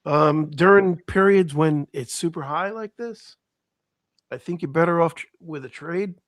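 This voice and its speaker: A hoarse man with an East Coast accent, co-hosting a casual livestream chat and talking through market numbers with halting restarts. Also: on the high side, no echo, clean studio sound. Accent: American East Coast. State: hoarse, voice shot. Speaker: co-host.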